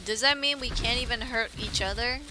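A woman's voice: fairly high pitch, brisk, noisy background. A young woman casually chatting and giggling while livestreaming a game to her viewers. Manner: giggly, playful, talks to chat and friends. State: yawning. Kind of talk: casual gameplay chat.

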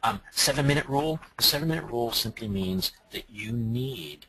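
A man from Massachusetts giving a conference talk as a presentation trainer, animated and strongly inflected. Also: mid-range voice, normal speed, slightly rough, dry recording, poor audio.

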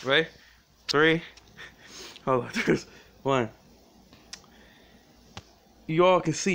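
Excitable giggly man unboxing a gift. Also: fairly high pitch, takes it slowly, gravelly, long pauses. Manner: excitable, giggly, swears casually. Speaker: vlogger.

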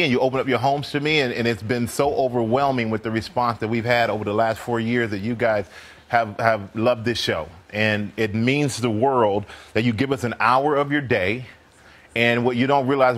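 A man's voice: mid-range voice, a bit bright. A man co-hosting a live morning talk show in a studio with an audience, speaking sincerely and a little rambling. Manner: sincere, rambling thank-you speech.

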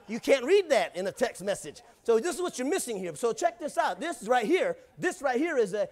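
Male pastor with a high voice, relaxed and jokey delivery, keeps asking the congregation for responses. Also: fairly quick, hardly any pauses. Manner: casual, joking, calls out to the congregation. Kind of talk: sermon. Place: church.

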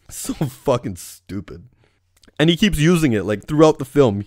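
A man's voice: a little high, expressive, normal speed, a little mellow, no room sound, studio quality. A young man from Surrey, British Columbia, doing a profane comedic rant as a movie reviewer. He keeps tagging his sentences with "right?".

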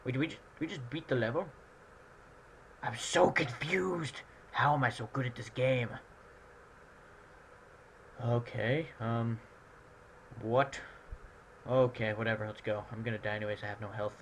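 A man giving jokey, excitable commentary while playing a video game. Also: medium pitch, a little slow, pauses often. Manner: excitable, jokey, frequent outbursts. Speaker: gameplay commentator. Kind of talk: let's play commentary. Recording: loud background noise.

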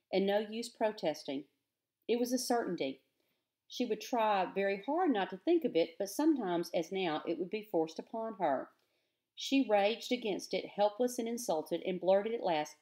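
A woman teacher reading a children's novel aloud to her class at a steady, careful pace. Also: medium pitch, moderate pace.

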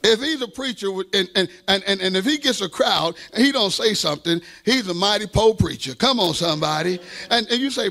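A man's voice: high-pitched, lively intonation, brisk, creaky, bright, forceful tone. A man pastor preaching a sermon with fervent delivery, call-and-response asides and playful self-deprecating humor.

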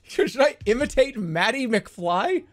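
A man streaming a game with excitable commentary, laughing and swearing often. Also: very high voice, unhurried. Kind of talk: casual gameplay commentary.

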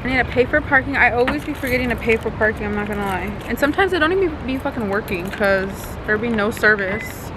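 A woman's voice: on the high side, lively intonation, quick pace, few pauses, roomy sound, noisy background. A woman in her twenties chatting casually to her viewers in a vlog, loose and slangy, swearing freely. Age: 20s. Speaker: vlogger. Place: at home and around a college campus. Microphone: handheld camera.

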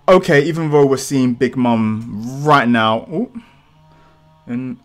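A man hosting a live manga reaction, excitable and rambling with casual swearing, feeling a bit sick and clearing his throat. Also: mid-range voice, normal speed. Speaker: channel host.

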